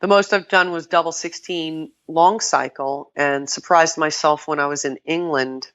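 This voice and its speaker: An older woman, a podcast guest, chatting casually and telling lively stories, often quoting herself and laughing. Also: low-pitched, normal speed, dull audio. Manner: animated storytelling, quotes herself, laughs often. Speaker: podcast guest, kettlebell sport athlete. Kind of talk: casual interview chat.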